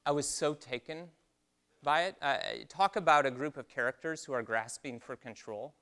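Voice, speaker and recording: A man preaching with a bright, clear, resonant voice, a little higher than most men. He tells stories with lively energy, then eases into slow, quiet reflection. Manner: storytelling, animated, then slow and hushed for reflection. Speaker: pastor. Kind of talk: sermon.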